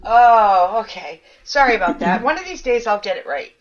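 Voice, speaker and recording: Her voice is slightly high and expressive, moving at a moderate pace as this New Hampshire-accented podcast host talks casually. Self-deprecating jokes and casual cursing run through the chat, and the recording sounds dull and lo-fi.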